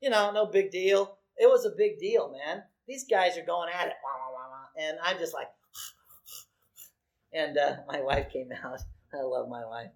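A man in his sixties preaching a sermon, animated and conversational, with frequent asides to the congregation. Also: fairly high pitch, a little slow. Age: 60s. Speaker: pastor.

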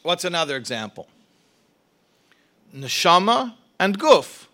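A man leads a religious study class with a somewhat high, bright voice that has a forceful edge. He keeps asking his listeners questions and answering them himself, often restarting words as he builds each point. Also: takes it slowly. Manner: animated teaching with rhetorical questions and repeated restarts. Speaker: teacher.

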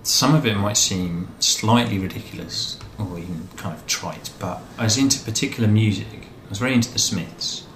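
A man's voice: on the low side, a little fast, hardly any pauses, a bit bright. A man telling his life story in a casual interview, rambling and self-deprecating. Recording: echoey room, faint background noise.

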